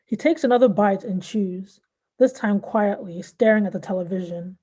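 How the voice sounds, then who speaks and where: Mellow-voiced woman reading her fiction. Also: mid-range voice, normal speed, breathy edge. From born in Nigeria, raised in Southern California. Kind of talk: literary reading.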